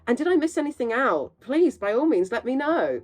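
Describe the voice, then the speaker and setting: A woman's voice: sits high, sing-song, brisk, rough recording. A woman hosting a casual film news roundup, chatty and opinionated, with plenty of asides to her viewers. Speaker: movie news host.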